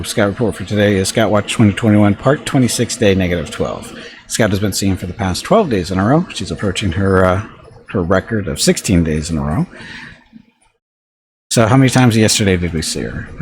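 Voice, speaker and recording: A male streamer chatting casually, telling a home anecdote with restarts and chuckles. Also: deep voice. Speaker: game streamer. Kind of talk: casual chat.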